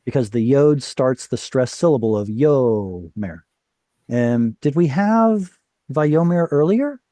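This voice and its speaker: A man with a mellow, warm tone leads an online class over a video call. He explains step by step, puts questions to his students and corrects himself as he goes. His voice is close and dry. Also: a little high, unhurried, dry recording. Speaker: Hebrew teacher.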